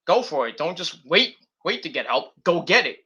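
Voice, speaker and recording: A man's voice: on the high side, big pitch swings, moderate pace, pushed and bright, husky, muffled recording. A man streaming a casual, rambling recap of a wrestling show, full of ums and restarts. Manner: rambling, lots of fillers and restarts.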